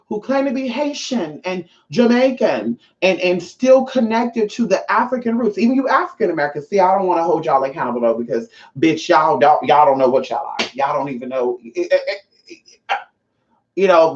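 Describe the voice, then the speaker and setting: A woman's voice: on the low side, expressive, a little fast, highs cut off. A woman hosting a livestream from home as a spiritual teacher. She talks in a casual, sassy and emphatic way and swears freely.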